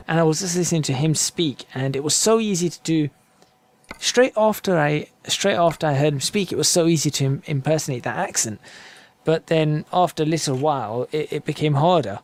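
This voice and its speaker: A man's voice: fairly high pitch, slight background noise. A young man chatting casually as he plays and narrates a driving game, rambling and correcting himself often, with game sounds behind him. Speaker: gaming channel host. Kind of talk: casual gameplay commentary.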